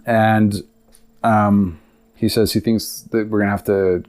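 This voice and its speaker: Young man, low voice, casual rambling storytelling, podcast monologue. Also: level tone, slow, a little mellow. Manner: rambling, casual, lots of filler and asides. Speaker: podcast host.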